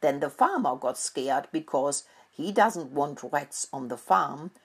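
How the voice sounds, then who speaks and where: A woman's voice: low voice, expressive, takes it slowly, breathy edge, exaggerated voice. A woman voicing a timid, trembling and clumsy young rat in a storybook, talking in a nervous, flustered way.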